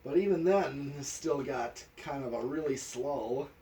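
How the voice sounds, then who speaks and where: A man's voice: medium pitch, a little slow, dark tone, far from the mic, a little hiss or hum. A man testing a ceiling fan, talking practically and counting settings aloud. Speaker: fan tester. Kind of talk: casual technical chat.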